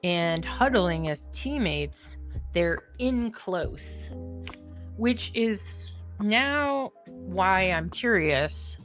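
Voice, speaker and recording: A middle-aged woman works through a crossword aloud at an unhurried pace. She muses, questions herself and laughs easily, over faint background music. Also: mid-range voice, lively intonation, a bit bright. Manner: musing, self-questioning, quick to laugh. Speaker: crossword solver. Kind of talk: thinking aloud while solving a puzzle.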